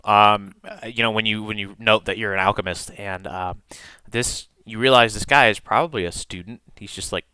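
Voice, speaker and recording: A man running a tabletop game as game master, describing scenes in a relaxed, rambling way with many fillers. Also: fairly low pitch, moderate pace, hardly any pauses, clear, resonant tone.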